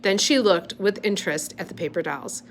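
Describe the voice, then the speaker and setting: A woman's voice: medium pitch, a little fast, gravelly, slight background noise. Woman reading a novel aloud. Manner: unpolished, stops to correct slips. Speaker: reader.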